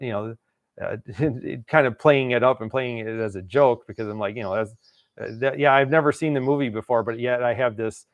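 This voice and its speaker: With a lowish voice and no room sound, a channel host from Wisconsin tells a long, casual tale. He rambles, laughs a lot, and acts out the quotes along the way.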